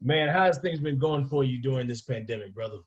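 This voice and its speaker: A man's voice: medium pitch, fast talker, muffled recording. A man co-hosting a podcast interview over a video call, easygoing and friendly, calling his guest "brother". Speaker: co-host.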